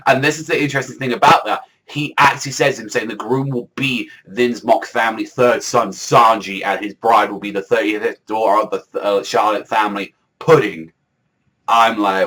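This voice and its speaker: A man's voice: on the low side, steady tone, moderate pace, bright, forceful tone, poor audio. A man reviewing a comic chapter in casual chat, rambling with lots of fillers and swearing. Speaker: manga reviewer.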